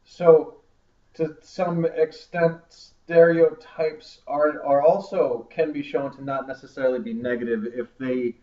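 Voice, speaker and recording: A man's voice: on the high side, fairly even intonation, a little slow. A man co-hosting a casual podcast discussion, joking sarcastically and swearing freely. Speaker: podcast co-host. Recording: roomy, distant lo-fi home recording.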